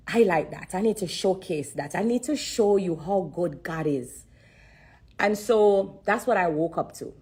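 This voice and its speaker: A woman livestreaming by phone gives a heartfelt testimony in a fairly low, slightly mellow, husky voice. She keeps repeating herself, fighting back tears as she speaks.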